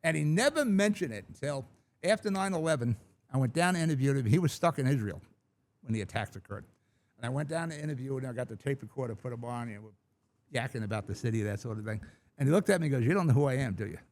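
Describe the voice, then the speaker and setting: A middle-aged man holds forth on his own talk radio show, recorded in a large studio. He is blunt and opinionated, drifting from one point to the next in a loose, rambling monologue. His voice sits at an ordinary middle pitch. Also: expressive, fast talker.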